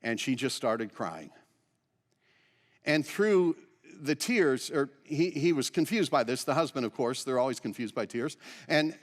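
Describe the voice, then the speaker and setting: A man's voice: mid-range voice, animated, a little slow, long reverb tail. A man pastor preaching a sermon in an earnest, conversational way, posing rhetorical questions to the congregation. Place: church sanctuary.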